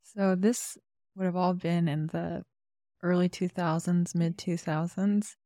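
Host: woman, low mellow voice, gentle measured questions. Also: fairly even intonation, dry recording, clean studio sound. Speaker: podcast host. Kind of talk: interview questions.

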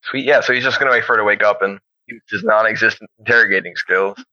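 Young man with a sharp, bright voice. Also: lowish voice, quick pace, dry recording. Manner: chatty, thinks aloud, hesitant. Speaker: player. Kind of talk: casual tabletop game chat. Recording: dull, dry lo-fi sound.

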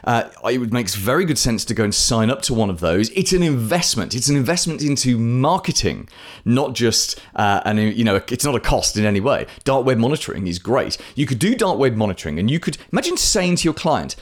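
A man's voice: medium pitch, very animated, brisk. A man hosting a business podcast, talking solo in a chatty way with self-mocking asides. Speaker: podcast host.

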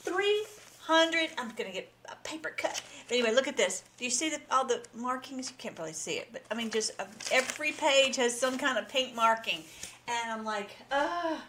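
A woman hosting her own commentary vlog, her voice sitting a bit high. She talks with eager enthusiasm, and her sentences often restart and trail along. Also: animated, fairly quick, pushed and bright, a little hiss or hum. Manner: enthusiastic, rambling, frequent restarts and laughs. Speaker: host. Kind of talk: casual political commentary vlog.

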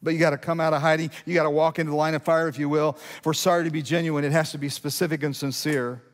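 A man's voice: fairly high pitch, flat delivery, fast talker, big-room sound. A male pastor preaching a sermon in a conversational style, asking rhetorical questions and building to emphatic peaks.

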